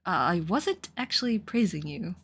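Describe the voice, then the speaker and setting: Curt, cold detective, low and dry-toned, bright edge, voiced by a woman. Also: very animated, unhurried, husky, exaggerated voice. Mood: stern.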